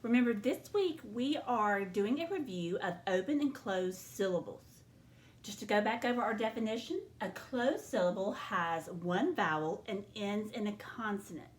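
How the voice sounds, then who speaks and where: A woman's voice: mid-range voice, expressive. Lady teacher sounding out words for little kids, kinda echoey room. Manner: slow, clear teacher talk, sounding out syllables. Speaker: second grade teacher. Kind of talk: remote phonics lesson.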